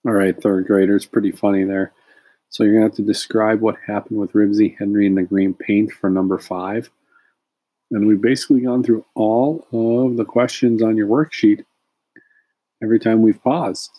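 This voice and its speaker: A man's voice: fairly low pitch, steady tone, moderate pace, warm tone, rough recording. A man teaching third graders, giving casual, encouraging instructions about a worksheet. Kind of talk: classroom instruction.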